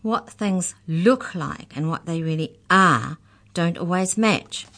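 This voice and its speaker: A grim, cruel woman captor, voiced by a reader telling a storybook, cold and scolding. She lectures without hurry in a low voice. Every line lands with steady menace. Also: takes it slowly.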